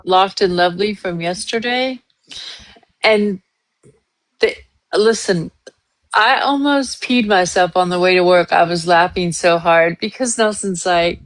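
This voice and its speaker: A woman's voice: fairly low pitch, a little slow, no echo. A woman co-hosting a live stream, telling stories in a chatty, giggly way. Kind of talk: casual live stream chat.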